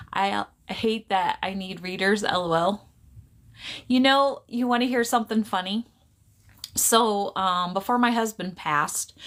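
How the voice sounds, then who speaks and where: A woman's voice: medium pitch, fairly bright tone. Chatty woman hosting a live stream. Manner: chatty, silly, greets viewers repeatedly. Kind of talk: casual live stream chat. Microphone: phone.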